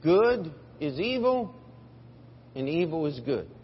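Guy pastor preaching slow in a big echoey church, kinda dull muffled recording. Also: a little high, very animated, a little hiss or hum. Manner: emphatic preaching, rising for scripture quotes. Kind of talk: sermon. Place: church sanctuary.

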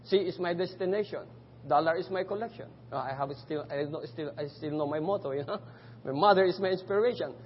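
A man's voice: a little high, a little fast, a little hiss or hum. A man with a Filipino accent giving an earnest, emphatic testimony sermon as a missionary preacher. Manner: earnest and emphatic, rising to fervent peaks. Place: church sanctuary. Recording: echoey church hall, dull lo-fi audio.

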